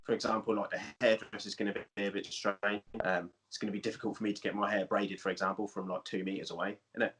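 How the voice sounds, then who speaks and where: A man's voice: on the low side, little pitch movement, fast talker, hardly any pauses, a bit bright. A man co-hosting a podcast, chatting in a laid-back, rambling way full of slang. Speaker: podcast co-host. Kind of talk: casual chat.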